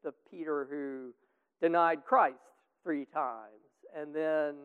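A man's voice: fairly high pitch, fairly even intonation, slow pace, clear, resonant tone. A man leading a group Bible study discussion in a casual, rambling way with many fillers, heard over a tinny, echoing line. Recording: tinny phone-like line with long reverb.

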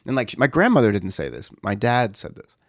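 Man, low voice, candid storytelling, self-correcting, dry close sound. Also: sing-song, a little fast, dry recording. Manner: candid, searching, restarts often. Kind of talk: casual personal storytelling.

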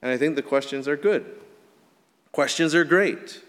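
A male pastor preaching a sermon, swinging from emphatic rises to soft, quiet drops. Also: a little high, moderate pace, in a large hall. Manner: earnest preaching, rising emphatic then dropping soft.

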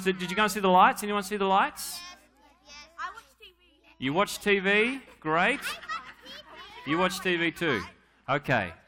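A man's voice: sits high, bright, forceful tone. A man leading a playful, joking children's talk at a church service, coaxing kids to answer.

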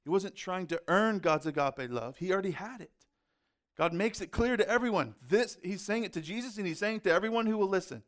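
A man's voice: high voice, animated, a little fast. A man preaching a sermon in a conversational way, with rhetorical questions and casual asides. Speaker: pastor.

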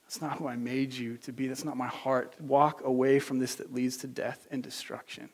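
Male preacher voicing a soft, low, near-whispered God voice with patient, earnest pleading. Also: little pitch movement, normal speed, lightly acted. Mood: tender. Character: gentle, tender male voice of God, pleading softly.

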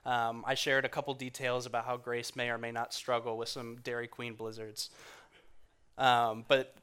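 A man preaching in a church, earnest and conversational, going quiet and soft when he quotes others. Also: medium pitch, clean tone. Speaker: guest speaker in church. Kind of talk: sermon.

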